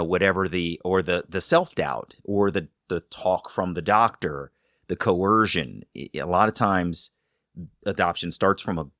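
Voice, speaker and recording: Thoughtful low-voiced man hosting a podcast. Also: a bit bright, no room sound, studio quality. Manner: reflective, thoughtful. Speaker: podcast host. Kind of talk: podcast narration and conversation.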